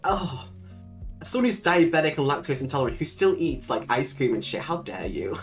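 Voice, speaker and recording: A woman's voice: deep voice, big pitch swings, fairly quick, faint music behind. A woman hosting a casual livestream, chatting freely, laughing often and swearing casually. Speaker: livestream host.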